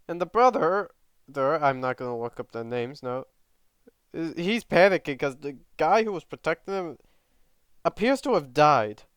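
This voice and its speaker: A man's voice: a little high, smooth, dry recording, studio quality. A man casually narrating a fan story, chatty and self-correcting with side comments.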